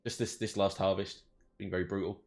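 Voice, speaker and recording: A man's voice: sits low, level tone, fairly quick, a little mellow, pitched below the performer's own voice, lightly acted. A man putting on a stiffly polite elf police officer. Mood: wheedling, hushed. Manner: overly polite, stiff formal phrasing with stammered restarts.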